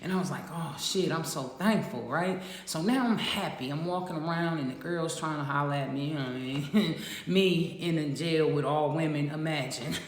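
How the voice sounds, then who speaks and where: A woman's voice: low-pitched, moderate pace. A woman telling a profane jail story casually to her audience, laughing often. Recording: echoey roomy sound with long reverb.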